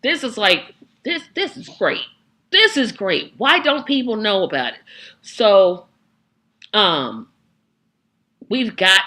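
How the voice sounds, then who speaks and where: A woman hosting a casual political chat, animated and acting out the reactions she quotes. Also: on the low side. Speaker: host.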